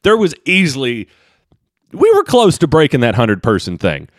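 A stand-up comedian hosts a solo comedy podcast at a moderate pace, recorded in a clean studio with no room sound. He rambles and pokes fun at himself, his Kentucky voice carrying a slight Southern twang and animated pitch jumps for comic emphasis.

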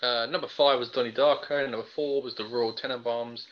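A man's voice: mid-range voice, fairly even intonation, brisk, a little hiss or hum. A young man co-hosting a podcast, chatting casually and enthusiastically about films with many fillers. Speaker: podcast co-host. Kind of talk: casual film chat. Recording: dull lo-fi podcast audio.

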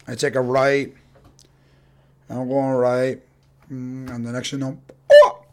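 A man's voice: mid-range voice, little pitch movement, unhurried. A young man telling rowdy stories casually, swearing a lot and acting out the voices of people in them. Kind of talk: casual storytelling.

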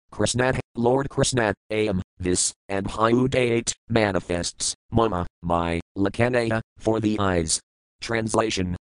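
A man reading scripture aloud in a measured way, saying each foreign term and then its English meaning. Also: mid-range voice, clear, resonant tone, no room sound, poor audio. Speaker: scripture reader.

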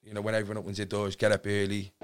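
A man from Cardiff with a Welsh accent, a podcast guest telling a long story in an animated, rambling way with lots of fillers, restarts and swearing. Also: fairly low pitch, rapid-fire, slight background noise. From Wales. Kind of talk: casual storytelling in a podcast interview.

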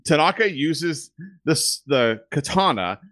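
A man's voice: fairly high pitch, sing-song, a little slow, a bit bright. A man in casual podcast chat about a film, laughing often and acting out lines from it. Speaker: podcast co-host.

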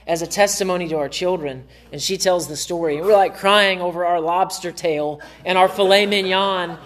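A man's voice: high-pitched, steady tone, moderate pace, a bit bright. A man pastor preaching a sermon in a church, earnest and conversational. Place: church sanctuary.

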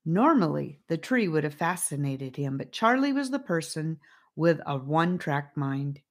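A woman's voice: low-pitched, sing-song, normal speed. A woman narrating a storybook, reading aloud and addressing the listener. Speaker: audiobook narrator.

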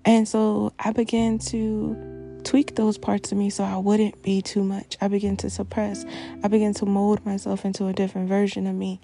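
Gravelly, warm-voiced woman podcaster. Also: medium pitch, flat delivery, normal speed, faint music behind. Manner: candid, emphatic, repeats phrases, swears freely. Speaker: podcast host. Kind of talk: reflective personal monologue.

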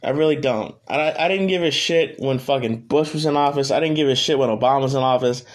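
Blunt, profane young podcast host. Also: male voice, medium pitch, fast. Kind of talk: casual solo podcast rant.

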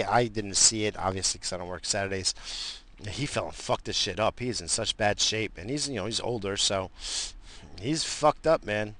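A man's voice: lowish voice, pushed and bright. A man ranting in a casual, profane, rambling way, with lots of fillers, as if talking from his car.

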